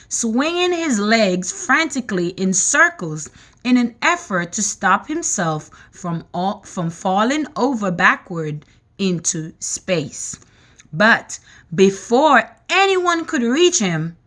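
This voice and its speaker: A woman reading a children's book aloud, expressive and animated. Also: mid-range voice. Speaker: reader.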